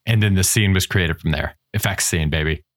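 A man's voice: low-pitched, fairly quick. A man co-hosting a podcast in casual chat, blunt and wry, with casual swearing. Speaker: podcast co-host.

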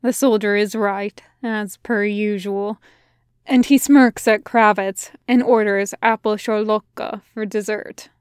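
A woman narrating a piece of fan fiction aloud in an even storytelling manner. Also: medium pitch, takes it slowly, clear, resonant tone, no echo, studio quality. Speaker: podfic reader.

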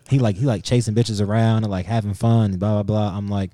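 He's a podcast co-host whose voice leans low, talking quickly with hardly any pauses as he casually tells a profane story, animatedly acting out quotes. No room sound is audible.

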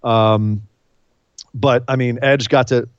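A man co-hosting a podcast in a casual recap chat, excitable and emphatic, sometimes choked up. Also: medium pitch, slow pace, clean tone, no room sound, muffled recording. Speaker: podcast co-host.

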